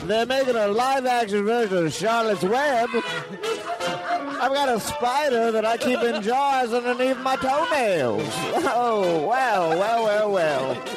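A man's voice: very high voice, expressive, measured pace, pauses often, music in the background, pitched above the performer's own voice. A man voicing an absurd local radio announcer who stammers out strange news bulletins. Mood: rambling. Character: rambling male local radio host, absurd.

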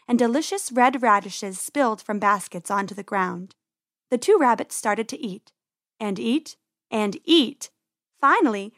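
A woman reading a children's story aloud in an expressive, lively way. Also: fairly high pitch, no room sound, clean studio sound.

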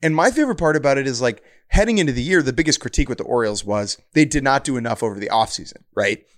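A man's voice: mid-range voice, expressive, racing, fairly bright tone. A man co-hosting a sports podcast, talking casually and animatedly, often slipping into mock quotes. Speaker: podcast co-host.

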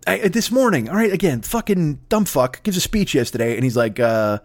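Brief: podcast host, man, slightly high voice, profane exasperated rambling monologue. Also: very animated, brisk. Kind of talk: solo comedic rant.

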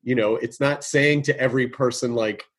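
A man hosting a podcast in a casual, earnest tone. He halts and restarts as he searches for words, and his voice carries some huskiness at a mid pitch. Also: steady tone, husky. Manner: earnest, halting, restarts often. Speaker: podcast host. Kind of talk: casual conversation.

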